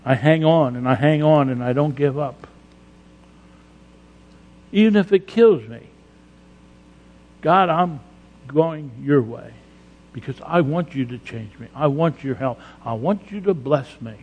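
Male pastor, sermon, emphatic, fairly high voice, long hall reverb. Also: measured pace, pauses often, narrow, tinny audio. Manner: emphatic, rising to loud acted-out prayers.

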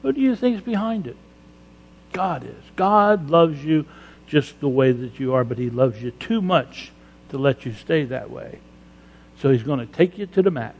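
A male pastor preaching an emphatic sermon, breaking into loud acted-out prayers. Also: a little high, lively intonation, normal speed, gravelly, dull audio. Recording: long hall reverb.

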